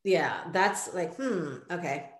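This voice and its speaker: A woman co-hosting a casual chat, reacting quickly and reading out comments from the chat. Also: fairly low pitch, lively intonation, roomy sound, a little hiss or hum. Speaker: co-host. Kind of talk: casual chat about a soap opera.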